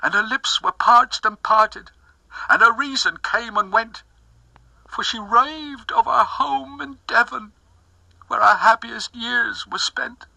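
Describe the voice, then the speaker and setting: A man's voice: very high-pitched, vocal fry, pushed and bright, no echo, poor audio. A man giving a dramatic poetry recitation, impassioned, dropping to whispers and rising to anguished cries. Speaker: poetry reader.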